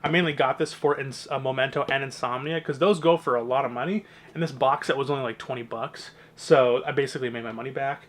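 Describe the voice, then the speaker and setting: A man's voice: medium pitch, steady tone, fast, few pauses. A young man, casually walking through his movie collection with chatty, rambling, opinionated asides.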